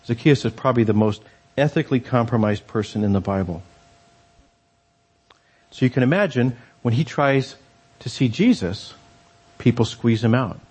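A man's voice: medium pitch, normal speed, long pauses, a little mellow, husky. A man preaching a sermon in a conversational storytelling way, with fillers and restarts.

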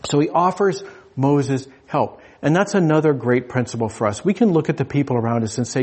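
A man preaching a sermon in a relaxed, conversational way, often restarting phrases and chuckling as he goes. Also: mid-range voice, fairly quick, breathy edge.

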